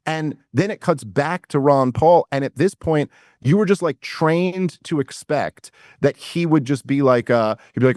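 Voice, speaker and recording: A man's voice: on the high side, dry recording, clean studio sound. A man, telling a story in a casual podcast interview and acting out the people he quotes. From New York City. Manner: animated retelling, quoting others and himself in quick asides. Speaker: guest.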